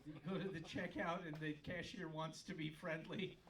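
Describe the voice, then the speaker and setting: A man doing a stand-up comedy set on a club stage, riffing sarcastically with sudden loud outbursts. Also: a little high, level tone, normal speed, slight background noise. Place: comedy club stage before a laughing crowd. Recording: live club recording, crowd laughter, from far off.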